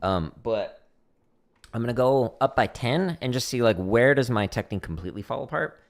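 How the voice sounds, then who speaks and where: A man's voice: medium pitch, lively intonation, normal speed. A man hosting a drumming livestream, chatting casually and explaining practice step by step with self-deprecating humor.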